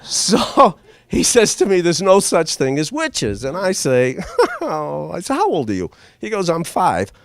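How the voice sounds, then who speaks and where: A man's voice: a little high, unhurried, no echo, clean studio sound. An older man telling a comic story to a live audience, chuckling as he goes. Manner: animated, chuckles through his own story.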